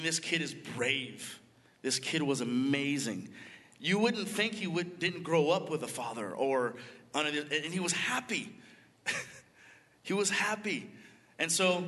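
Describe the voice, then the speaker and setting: An earnest man tells his testimony from a church stage with bright, forceful delivery. He speaks with emotion and open feeling, and his voice rings with a long hall reverb in the sanctuary. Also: fairly high pitch. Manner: emotional, earnest, self-described crier. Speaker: mission trip leader sharing testimony.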